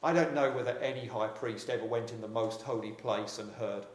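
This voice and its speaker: A man's voice: mid-range voice, brisk, reverberant. A man preaching a sermon, earnest and reflective, repeating phrases for emphasis.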